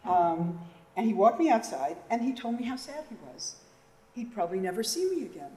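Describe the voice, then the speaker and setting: A woman's voice: fairly high pitch, very animated, brisk, mellow. A middle-aged woman giving an anecdotal memorial tribute on a conference panel, laughing often. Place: lecture hall. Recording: echoey hall, faint room noise.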